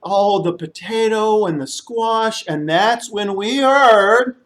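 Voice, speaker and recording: A man's voice: sits high, slow, a bit bright. A man telling a children's story at a church service, playful and inviting the group to join in. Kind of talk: children's story with audience call-and-response.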